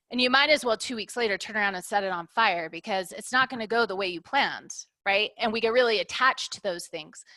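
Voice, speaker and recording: In a candid interview, a middle-aged woman who owns a business reasons through her points with analogies and often ends them with "right?". She is reflective, and her mid-range voice is bright and forceful. There's no room sound.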